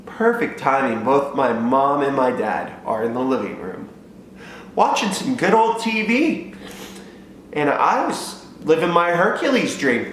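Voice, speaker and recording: A young man tells a comic story from his own life. His pitch leaps all over as he acts the scenes out in a self-mocking way. The voice rings in a very echoey room, with a faint hum behind it. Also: fairly bright tone. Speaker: vlogger.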